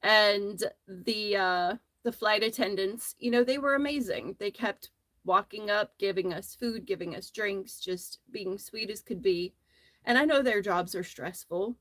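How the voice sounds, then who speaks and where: Woman, casual crochet chat, rambling storyteller, medium pitch, dry close phone audio. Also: a little slow, a bit bright, dry recording. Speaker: crochet livestream host.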